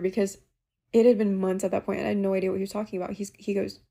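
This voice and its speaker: Young woman with a gravelly, mellow voice. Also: medium pitch, fast. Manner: chatty, animated retelling. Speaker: caller sharing a ghost story. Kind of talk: casual storytelling.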